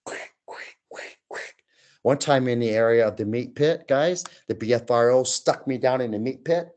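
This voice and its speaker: A man in his sixties, a guest telling his own stories in a casual chat, animated and acting out voices and sounds as he goes. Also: mid-range voice, moderate pace. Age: 60s.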